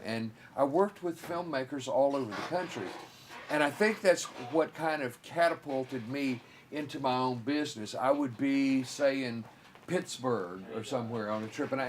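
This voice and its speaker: A man's voice: mid-range voice, slight background noise. Older man recounting his film career. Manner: rambling, halting restarts. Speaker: filmmaker guest. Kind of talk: interview.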